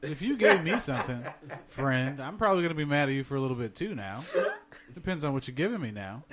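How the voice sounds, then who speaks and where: A man trades teasing, profane jabs on a podcast. His voice sits at an average pitch, and a clear hiss of noise runs under the recording. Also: expressive. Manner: teasing, swearing, quick jabs. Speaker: podcast co-host. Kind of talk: casual podcast banter.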